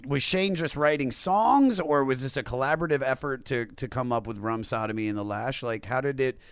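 A man's voice: mid-range voice, fairly quick, clean tone, no echo. A man hosting a podcast, chatty and enthusiastic, with jokey asides and a host-read ad. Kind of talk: casual interview chat and host-read ad.

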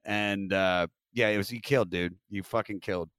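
A man's voice: lowish voice, fairly even intonation, moderate pace, fairly bright tone, smooth, dry recording. A man hosting a podcast, chatting loosely and casually with some swearing. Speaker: podcast host. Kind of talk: casual chat.

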